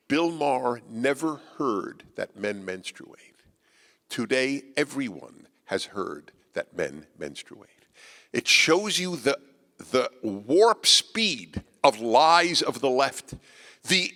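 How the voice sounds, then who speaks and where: A man giving a speech to a live audience, emphatic and combative with a wry edge, his voice swinging between quiet asides and loud, pointed lines. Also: a little high. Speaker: guest speaker. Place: auditorium with an audience. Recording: reverberant hall.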